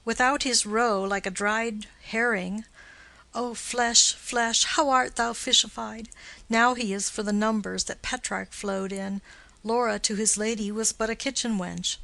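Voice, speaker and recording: A woman reading the lines of a witty, mocking young nobleman in a storybook reading, in an even, lightly expressive voice. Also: a little high, a little slow, gravelly, no echo, full character voice.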